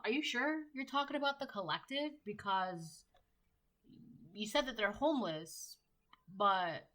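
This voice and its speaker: Woman doing a nosy doubter, firing off questions in a bright voice. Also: on the high side. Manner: incredulous, questioning. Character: doubtful, needling onlooker questioning the reading.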